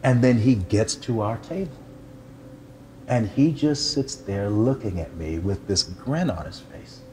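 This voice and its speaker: This is an older man, a pastor, telling a personal testimony with animated storytelling and a self-deprecating sense of humor. His voice sits low. A faint background hiss runs beneath his words. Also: measured pace.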